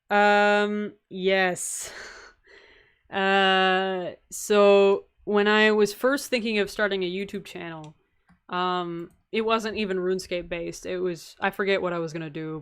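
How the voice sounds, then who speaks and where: A woman's voice: medium pitch, fairly even intonation, measured pace, fairly bright tone, smooth. A young woman streaming a game, chatting casually and answering viewer questions with frequent laughs and rambling asides. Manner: chatty, giggly, laughs often between answers; rambling, with many fillers and asides. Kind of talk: casual live-stream chat.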